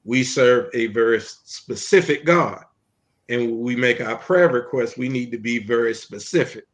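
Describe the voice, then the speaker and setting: Guy telling his faith story in an interview, earnest, lots of ums, pitch in the middle. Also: normal speed. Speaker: minister and interview guest. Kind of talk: personal testimony in an interview.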